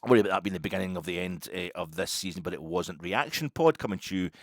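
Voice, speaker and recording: A man's voice: low-pitched, fast talker, no echo. Older Scottish man, football podcast host, casual monologue, rambling and wry, dead-dry recording. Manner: rambling, wry, restarts a lot. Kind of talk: casual post-match monologue.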